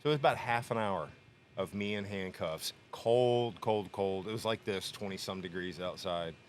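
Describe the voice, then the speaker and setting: A man's voice: low-pitched, moderate pace, a little hiss or hum. A man on a shop podcast telling a story in casual chat, laughing often and acting out the quotes. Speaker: podcast co-host. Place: workshop podcast room.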